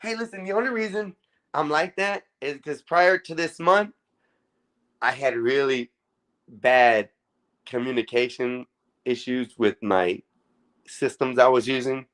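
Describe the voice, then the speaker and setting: A man's voice: medium pitch, a little slow, long pauses, a bit bright. A man hosting a casual livestream and talking to his chat, often exasperated, with a lot of swearing. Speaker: livestream host. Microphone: phone.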